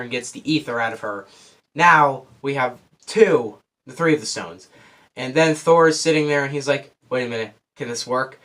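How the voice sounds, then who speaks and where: A man talks through a movie plot in a loose, rambling review, audibly short of breath. He keeps losing his place and restarting his sentences. His voice sits at a middle pitch for a man. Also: a bit bright. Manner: rambling, loses track and restarts. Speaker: film reviewer. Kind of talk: casual spoiler movie review.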